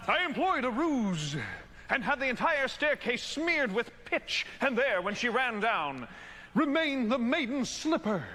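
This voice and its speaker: An actor playing a haughty, pompous young prince in a stage musical. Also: male voice, very high-pitched, big pitch swings, unhurried, sharp tone, full character voice. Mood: imperious. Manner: imperious, pompous.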